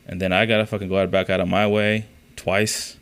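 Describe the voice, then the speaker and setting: A man with a very low voice and a rough, gravelly edge talks on a solo podcast. He rambles through profane, exasperated stories in a loose, casual way. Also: level tone, brisk, a bit bright. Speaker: podcast host.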